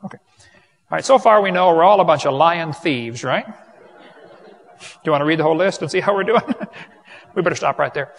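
A man's voice: fairly high pitch, lively intonation, normal speed, pauses often. A man preaching an evangelistic sermon to a live audience, folksy and joking with the crowd. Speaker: creationist preacher.

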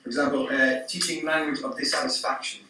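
A man's voice: medium pitch, steady tone, fast, pushed and bright, slight background noise. A man giving a conference talk to teachers, explaining informally with some fillers. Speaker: teacher trainer presenting. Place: conference room. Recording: echoey hall, speaker far from mic.

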